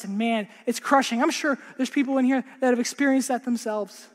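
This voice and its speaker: A man preaching a sermon earnestly, repeating words and dropping to a hush for emphasis. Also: very high-pitched, normal speed, few pauses. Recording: long hall reverb.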